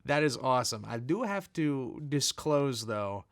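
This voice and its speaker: A man's voice: mid-range voice, lively intonation, a little slow, dry recording, studio quality. A man who makes videos, chatting in an easygoing, self-deprecating way as he responds to fan letters. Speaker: video creator.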